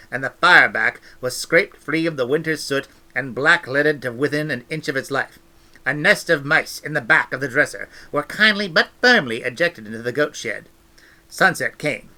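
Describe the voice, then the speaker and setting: Bright-voiced man reading a story. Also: mid-range voice. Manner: expressive, animated storytelling. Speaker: audiobook reader. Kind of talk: reading a novel aloud with asides.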